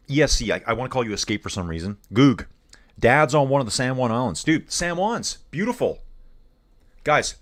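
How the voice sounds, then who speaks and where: A man streaming live cycling commentary, rambling casually and calling his viewers dude and guys as he reads the chat. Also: mid-range voice. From Canada.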